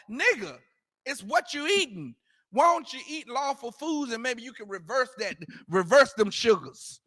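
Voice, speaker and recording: A man's voice: very high voice, very animated, normal speed, bright, forceful tone, no echo, clean studio sound. A man teaching a scripture class, preaching emphatically in colloquial street talk and repeating his points. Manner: emphatic, repetitive, prompts reader to go ahead.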